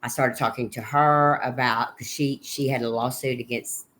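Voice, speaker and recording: A middle-aged woman, a guest on an interview podcast, recounting her son's final months in a halting way, with many restarts and recalled conversations. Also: very deep voice, fairly even intonation, fairly bright tone. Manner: halting, with frequent restarts and quoted dialogue. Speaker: guest, bereaved mother. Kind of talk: personal account in an interview.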